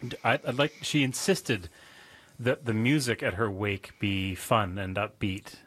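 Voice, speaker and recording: A man interviewing a guest in a broadcast interview, asking gentle, measured questions. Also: lowish voice, steady tone. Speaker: radio interviewer.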